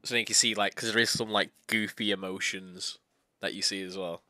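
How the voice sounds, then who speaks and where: A man's voice: fairly low pitch, steady tone, brisk, bright, forceful tone, dry recording, clean studio sound. A man streaming a game, chatting in a playful way with giggly asides. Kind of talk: casual gaming stream chat.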